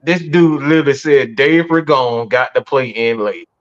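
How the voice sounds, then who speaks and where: Speaking at normal speed with a medium-pitched voice, this man hosts a live sports podcast reacting after the game. He's exasperated and profane, swearing heavily and stumbling into stammered restarts. The lo-fi stream sound is dull.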